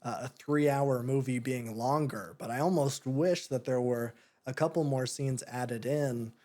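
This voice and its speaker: A man's voice: mid-range voice, unhurried, mellow. A young man hosting a podcast, chatting casually about a movie with lots of fillers, restarts and tangents. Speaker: podcast host. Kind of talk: casual film review chat.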